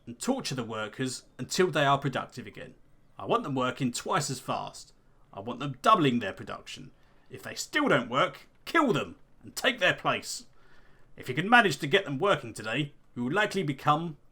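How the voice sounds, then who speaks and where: A man's voice: fairly high pitch, bright, forceful tone, breathy edge, voice pushed up, heavily acted. Cruel half-orc overseer, read by a man doing a voice, game NPC, barking orders. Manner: commanding, contemptuous.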